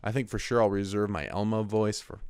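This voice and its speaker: A man's voice: lowish voice, a little fast, darkish tone, smooth. Rambling, swearing man in his twenties. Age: 20s. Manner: rambling, profane, restarts often. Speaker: host. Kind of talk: casual solo monologue.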